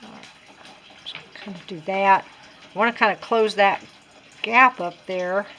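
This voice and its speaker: A woman's voice: medium pitch, fairly even intonation, measured pace, a bit bright, a little hiss or hum. A woman talking casually through a craft tutorial, chatty and self-deprecating as she works things out aloud. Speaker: crafting vlogger.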